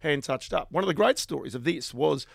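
Gravelly Australian man telling yarns. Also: a little high, fairly quick, dry recording, studio quality. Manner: animated anecdotal storyteller, chuckling asides. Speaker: guest, finance journalist. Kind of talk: casual storytelling interview.

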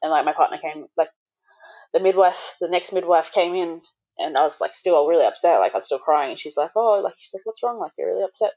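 A woman's voice: deep voice, fast talker, mellow, muffled recording. A woman being interviewed about the birth of her daughter, speaking candidly with lots of "like" and the odd swear word. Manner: candid, full of "like", swears now and then. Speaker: guest. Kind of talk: recounting a personal birth story.

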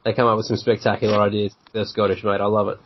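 An Australian man hosting a casual sports podcast, enthusiastic and quick to laugh, with blokey slang. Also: on the low side, little pitch movement, slight background noise. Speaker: podcast host. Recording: dull lo-fi podcast audio.

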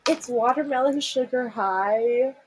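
A young woman from the Midwest co-hosting a podcast in casual chat, giggly and animated, often gasping and exclaiming. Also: a little high, unhurried, slightly rough, low-quality recording. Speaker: podcast co-host.

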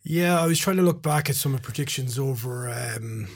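A man's voice: mid-range voice, brisk. Wry man on a sports podcast. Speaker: podcast panelist. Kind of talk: casual sports chat.

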